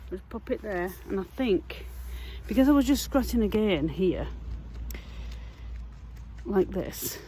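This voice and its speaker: A Yorkshire woman chatting to camera out in a muddy field, easily excited by what she finds. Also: mid-range voice, a little hiss or hum, poor audio. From England. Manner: chatty, easily excited, talks to herself and viewers. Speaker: metal detecting vlogger. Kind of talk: casual talk to camera while digging.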